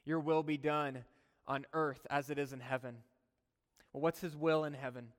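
Male preacher, higher register, casual conversational sermon delivery, long hall reverb. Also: fairly even intonation, moderate pace. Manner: conversational, chuckling asides.

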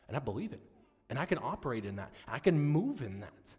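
A man preaching a sermon with passion, swinging from loud declarations to hushed storytelling. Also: medium pitch, big pitch swings, brisk, in a large hall.

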